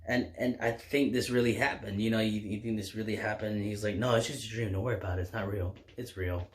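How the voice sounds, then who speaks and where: Guy with kinda low voice rambling thru a comic recap, lots of um and like. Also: fairly even intonation, fast. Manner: rambling, filler-heavy retelling. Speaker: comic book reviewer. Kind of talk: casual recap chat.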